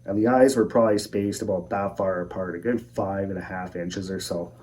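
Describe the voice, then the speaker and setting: Low mellow-voiced man telling a tale. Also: fairly even intonation, slight background noise. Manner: measured, plain-spoken storytelling. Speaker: storyteller recounting his own encounter. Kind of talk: first-person encounter storytelling. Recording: voice a bit far from the mic.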